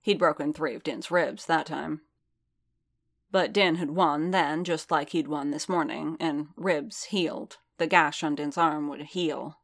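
A woman narrating a fan-written story aloud in a steady, unhurried way. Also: deep voice, creaky. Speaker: reader. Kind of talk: fan fiction audiobook narration.

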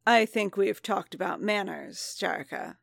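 A woman's voice: medium pitch, unhurried, gravelly, fairly bright tone, no room sound, full character voice. A teasing, commanding bounty hunter, as a woman reads him. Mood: mild teasing. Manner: mild, teasing, in control.

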